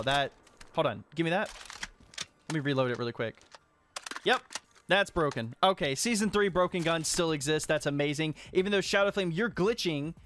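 Animated high-voiced young man gaming. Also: a little hiss or hum. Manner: animated, laughs often, scolds players. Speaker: gaming YouTuber hosting hide and seek. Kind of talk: excited gameplay commentary.

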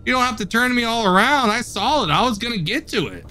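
Lively, bright-voiced male gamer narrating his play, faint game music behind. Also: extremely high pitch, fast talker. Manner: chatty, joking, talks to himself. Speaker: let's play host. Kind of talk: gameplay commentary.

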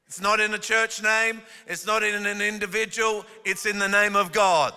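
Bright-voiced male preacher in a reverberant hall. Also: high voice, steady tone, moderate pace, smooth. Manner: calls the congregation up and has them repeat words; jokey asides, then forceful emphatic preaching. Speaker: guest pastor. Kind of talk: energetic sermon. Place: church auditorium. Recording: long reverb of a large church hall.

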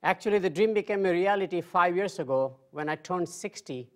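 A man's voice: high-pitched, a little fast, a bit bright. Man in his sixties giving a lecture. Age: 60s. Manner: conversational, self-deprecating humor. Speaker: marketing professor. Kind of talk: informal conversational lecture.

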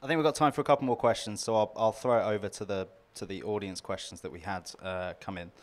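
A man, a magazine editor, moderating an interview and reading out audience questions in a measured way. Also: fairly low pitch, fairly even intonation. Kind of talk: moderating a live Q&A.

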